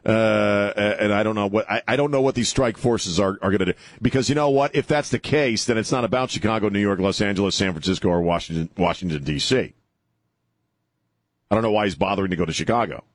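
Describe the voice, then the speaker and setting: This talk radio host delivers a sarcastic, rambling monologue of opinions, constantly interrupting himself and leaning on fillers. Speaking quickly in a fairly low voice, he's captured dry on a studio microphone in a radio studio.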